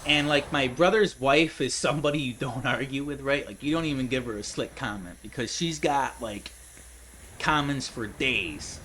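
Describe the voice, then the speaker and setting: A young gaming streamer at home tells a long, rambling story while he plays, laughing often and calling people "dude" and "man." His voice is medium-pitched, moderately paced, and fairly bright, captured in poor audio with slight background noise.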